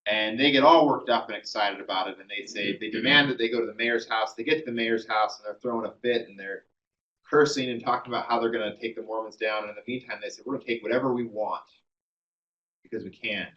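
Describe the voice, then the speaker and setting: A man's voice: lowish voice, steady tone, fast, far from the mic, highs cut off. A man giving a classroom history lecture, telling the story conversationally with many ums and uhs.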